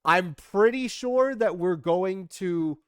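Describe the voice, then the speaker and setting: A man's voice: high voice, animated, takes it slowly, smooth, no room sound, clean studio sound. A young man casually chatting through a trip recap on stream, rambling and self-deprecating with some swearing. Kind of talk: casual chat over photos.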